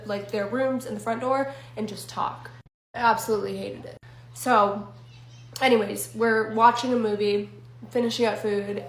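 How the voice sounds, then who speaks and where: A young woman casually telling a scary story to her viewers, chatty and swearing, with asides to the audience. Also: a little high. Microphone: phone selfie video. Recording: echoey room.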